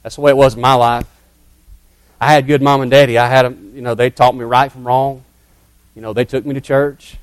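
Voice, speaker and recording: Middle-aged preacher, folksy dramatic testimony, dry close mic. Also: male voice, medium pitch, flat delivery, brisk, clear, resonant tone, dry recording. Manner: folksy, dramatic storytelling, drops to hushed tones. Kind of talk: sermon storytelling.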